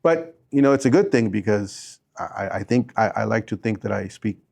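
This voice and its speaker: A man in his fifties from Bolivia, a teacher and coach, telling stories in a relaxed interview and often repeating his answers. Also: on the low side, a little fast, vocal fry. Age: 50s. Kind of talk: casual interview.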